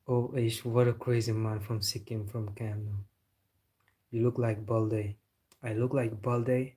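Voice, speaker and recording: A man from Senegal hosts a football live stream, chatting casually and answering viewer comments. He is laid-back and joking, and he says "bro" a lot. His voice is mellow and mid-range.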